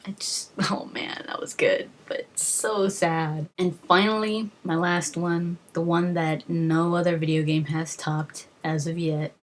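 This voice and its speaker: A woman's voice: fairly low pitch, flat delivery, unhurried, few pauses. A woman hosting a gaming vlog, telling a story in a rambling, emotional way with many fillers and restarts. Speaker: gaming video host.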